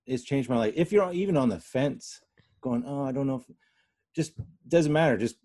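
A man working as a real estate agent, speaking earnestly and a bit haltingly in a casual chat. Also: mid-range voice, dark tone, no echo, studio quality. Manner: earnest, hesitant, many fillers. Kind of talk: casual conversation.

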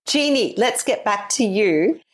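A woman's voice: medium pitch, lively intonation, measured pace. A woman from Australia with an Australian accent, hosting an interview and telling stories in a chatty way, laughing often. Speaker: podcast host. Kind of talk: casual interview chat.

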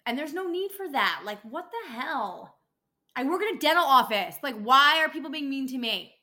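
A woman's voice: sits high, lively intonation, moderate pace, bright, forceful tone. A young adult woman hosting a casual podcast, ranting and swearing freely as she gets worked up. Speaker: podcast host, dental office worker.

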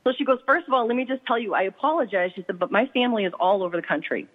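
A woman's voice: on the high side, racing. A woman, a psychic medium guest, telling a story and acting out the dialogue with quoted voices. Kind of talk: animated storytelling. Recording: tinny phone line.

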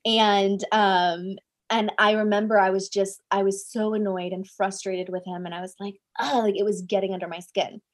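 A woman who speaks English as a second language, a life coach, tells an animated personal story in an interview, using many "right?" tags and "like" fillers. She recalls her 20s and is older now. Her voice is medium-pitched at a normal speed.

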